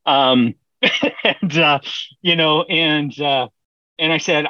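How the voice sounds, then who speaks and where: A man's voice: fairly high pitch, unhurried, no room sound, dull audio. A middle-aged man, a brewer, telling long stories in a casual interview, rambling with many fillers, restarts and laughs. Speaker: brewer, podcast guest.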